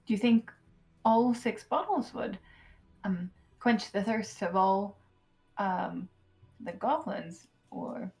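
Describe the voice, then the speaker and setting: A woman playing a tabletop role-playing game who speaks hesitantly, with many pauses. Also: mid-range voice, creaky, darkish tone. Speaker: player. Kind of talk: casual tabletop play.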